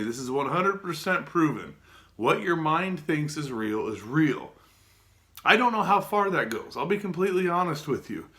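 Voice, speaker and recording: Bright-voiced earnest male vlogger. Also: fairly high pitch. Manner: earnest, repetitive, with many restarts and direct questions to viewers. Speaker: self-help vlogger. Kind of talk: casual motivational talk to camera.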